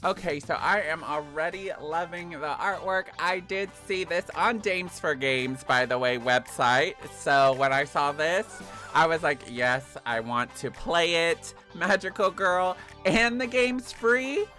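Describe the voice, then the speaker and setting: A male gaming channel host giving enthusiastic, expressive let's-play commentary. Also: on the high side, a little slow, soft background music.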